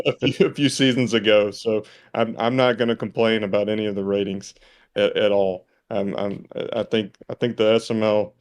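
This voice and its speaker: A man from Mississippi in casual podcast chat, relaxed and chuckling often. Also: lowish voice, normal speed. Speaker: podcast co-host.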